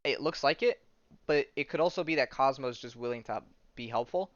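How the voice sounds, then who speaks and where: Rambling man recapping comics, smooth voice. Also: mid-range voice, brisk, a bit bright, no echo. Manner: rambling, laughs at his own jokes. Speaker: podcast host. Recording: dull lo-fi sound.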